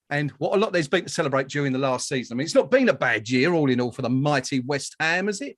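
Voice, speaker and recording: A man's voice: on the high side, animated, fast, few pauses, a bit bright, no echo, clean studio sound. A man hosting a live online awards show, chatty and jokey, with lots of fillers and restarts. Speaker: host.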